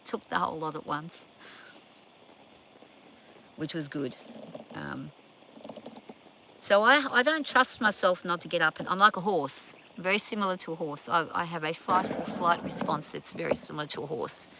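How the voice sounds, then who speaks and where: A woman's voice: fairly low pitch, expressive, moderate pace, creaky, pauses often. A woman on a farm, casually telling rambling stories and talking to her horses. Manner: rambling anecdotes, chatting to the animals. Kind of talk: casual chatty storytelling. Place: outdoors on a farm. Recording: outdoor recording with background noise.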